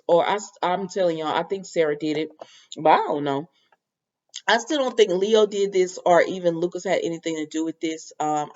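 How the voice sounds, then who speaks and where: A woman's voice: lowish voice, darkish tone, dull audio. A woman giving a casual, rambling recap of a soap opera episode, with lots of fillers. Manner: chatty, rambling, filler-heavy retelling.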